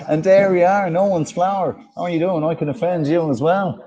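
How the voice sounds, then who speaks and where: A man with a high-pitched, mellow voice co-hosts a casual livestream from a park, reading out comments and greeting viewers by name. He jokes and swears through the banter, speaking a little fast with fairly even intonation. The sound is lo-fi.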